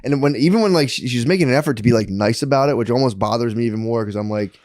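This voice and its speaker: A man's voice: mid-range voice, rapid-fire, darkish tone. Profane man riffing on a podcast. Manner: profane, rambling, acts out arguments in raised voices. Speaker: podcast co-host. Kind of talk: casual comedic chat.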